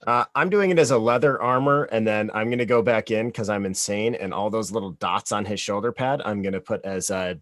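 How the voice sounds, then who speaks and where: A man's voice: fairly low pitch, a bit bright. A man chatting casually on a video call, reacting briefly and explaining how he paints. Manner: quick reactions, amused. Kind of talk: casual chat on a livestream.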